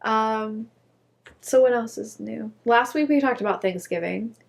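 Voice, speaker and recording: A woman's voice: fairly high pitch, a little slow, gravelly. A woman co-hosting a casual chat podcast, rambling and losing her words as she laughs at herself. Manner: rambling, self-conscious, loses her words. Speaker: podcast co-host.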